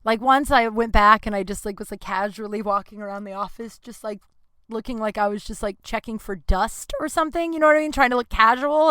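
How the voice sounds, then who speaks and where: A woman's voice: medium pitch, fairly quick, a bit bright, clean tone, dry recording. A young woman hosting a podcast, telling a casual, rambling story with lots of restarts, self-mocking and swearing freely. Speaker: podcast host. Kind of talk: casual monologue.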